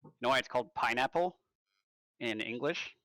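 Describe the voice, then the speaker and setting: A man's voice: medium pitch, expressive, normal speed, pushed and bright, no echo, poor audio. A man playing a tabletop game, joking and wandering into nerdy tangents. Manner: rambling, jokey, prone to nerdy tangents. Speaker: player. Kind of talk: casual chat around a tabletop game.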